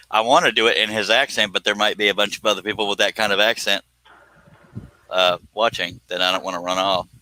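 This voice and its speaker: Laughing bright-voiced man. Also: fairly low pitch, steady tone, brisk, no echo, rough recording. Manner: laughs often, rereads a chat message in a mock-threatening voice. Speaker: livestream host. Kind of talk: casual chat.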